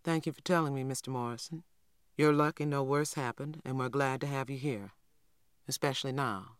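A man voicing a calm, dignified Southern mother in a storybook reading, measured and direct. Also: medium pitch, clean tone, dry recording, studio quality, natural voice.

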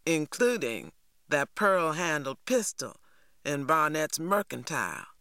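A reader voicing a boastful, needy teenage boy, talking loud and wheedling. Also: medium pitch, sing-song, slow pace, smooth, no room sound, clean studio sound, heavily acted.

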